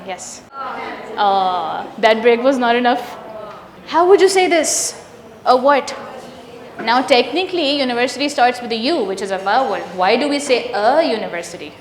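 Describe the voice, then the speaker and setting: A woman's voice: fairly high pitch, moderate pace, a little hiss or hum. A woman leading an interactive teacher training workshop, asking the room questions and confirming their answers. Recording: echoey room with long reverb.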